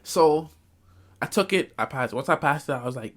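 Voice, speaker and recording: A young man from New York telling comic stories from his school days in an animated, slangy way, often breaking into laughter. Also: on the high side, moderate pace. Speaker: vlogger. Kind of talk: comedic storytelling.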